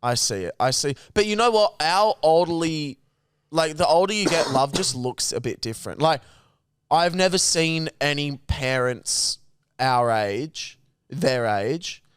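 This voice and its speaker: A young man tells a wild story on a casual podcast, his pitch leaping all over as he acts out the people in it. He swears freely and keeps it loose. The sound is close and dry. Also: unhurried, clear, resonant tone, dry recording. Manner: animated storyteller, swears a lot, acts out scenes. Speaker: podcast co-host. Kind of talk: casual chat.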